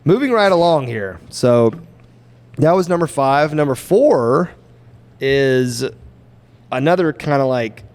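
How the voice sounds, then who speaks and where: A man hosting a casual podcast, rambling and thinking aloud with quick asides. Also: mid-range voice, animated, a little mellow. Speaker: podcast host.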